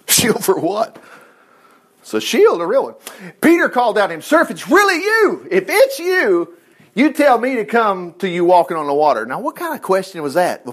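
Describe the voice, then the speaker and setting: A man with a fairly high, husky voice preaches informally on Bible passages. His delivery is folksy and conversational, and he acts out voices as he teaches.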